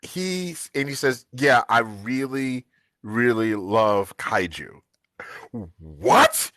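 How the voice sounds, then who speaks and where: Lively, bright-voiced man telling stories. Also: medium pitch, slow, no room sound. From United States. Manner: animated storytelling, laughs often. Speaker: co-host. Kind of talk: casual live-stream chat.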